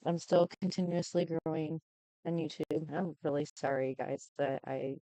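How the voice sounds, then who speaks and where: A woman talking to camera in a casual update, halting and subdued with many ums, close to tears. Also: low-pitched, warm tone, dry recording, rough recording. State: tearful, close to crying. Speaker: YouTuber giving an update.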